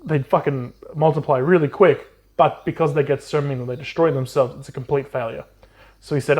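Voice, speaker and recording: Casual, animated man retelling a book. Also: a little high, fairly quick. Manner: animated retelling with swearing and silly character voices. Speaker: podcast co-host. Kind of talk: casual book recap chat.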